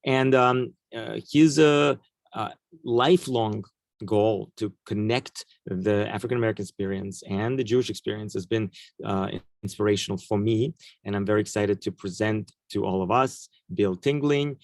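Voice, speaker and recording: A man's voice: fairly low pitch, moderate pace, gravelly, dry recording. A man introducing a guest speaker at an event, hesitant and full of fillers.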